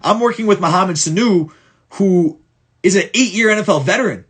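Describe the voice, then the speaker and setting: A man's voice: sits high, normal speed, fairly bright tone, husky. A man coaching football players through film, blunt and profane, stumbling and repeating words for emphasis. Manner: blunt and profane, many restarts. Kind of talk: casual film breakdown for clients.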